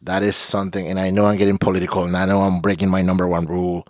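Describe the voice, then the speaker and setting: A man's voice: sits low, flat delivery, rapid-fire, a little mellow, no echo, studio quality. A man hosting a podcast as a therapist, speaking earnestly and emotionally and often repeating words as he searches for them. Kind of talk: heartfelt podcast monologue.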